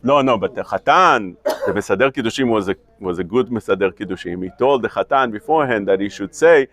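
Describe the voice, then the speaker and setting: A man's voice: fairly low pitch, expressive, fairly quick, a bit bright. A man, a rabbi, teaching a Talmud lecture to a study group, asking and answering his own questions with many restarts. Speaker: rabbi teaching a kollel class.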